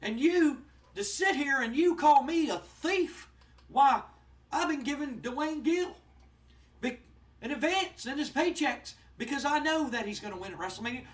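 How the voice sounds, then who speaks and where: A man doing a loud blustering wrestling manager. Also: very high voice, pitched above the performer's own voice. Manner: indignant, boastful, fast-talking hype. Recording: voice distant from the mic.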